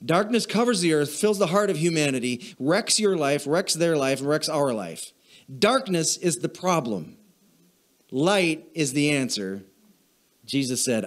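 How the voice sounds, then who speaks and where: A man preaching a church sermon as pastor, who repeats short phrases in a steady cadence, asks the congregation for an "amen", and gets emotional while reading. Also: a little high, moderate pace. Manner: repetitive preaching cadence, call and response. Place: church sanctuary.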